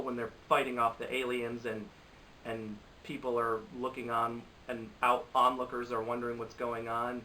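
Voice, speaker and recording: A man with a bright, ringing voice rambles through his reactions to bad films, exasperated and often restarting his sentences. He sits a little back from the mic, and a faint hiss runs under the home recording. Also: medium pitch, monotone, measured pace, far from the mic, low-quality recording. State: recovering from a cold. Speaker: movie reviewer. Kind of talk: casual commentary to camera.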